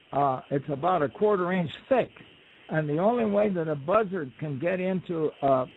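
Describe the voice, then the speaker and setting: A man's voice: sits high, a little hiss or hum. A man, a radio show guest, telling a folk tale in a loose, rambling way with asides. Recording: tinny phone line on radio.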